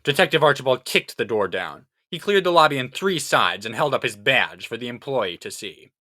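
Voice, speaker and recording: A man's voice: medium pitch, big pitch swings, moderate pace, bright, forceful tone. A man narrating a comic crime story aloud with a straight face. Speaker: audiobook narrator.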